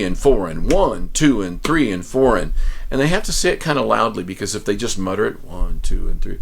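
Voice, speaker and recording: A man's voice: medium pitch, creaky. A man teaching ukulele to other teachers, telling folksy classroom stories, acting out the children's replies and counting strum rhythms aloud.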